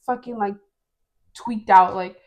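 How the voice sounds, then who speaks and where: A woman's voice: medium pitch, fairly even intonation, measured pace, a little mellow. A young woman co-hosting a podcast, telling a story in casual chat with lots of slang and swearing. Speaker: podcast co-host.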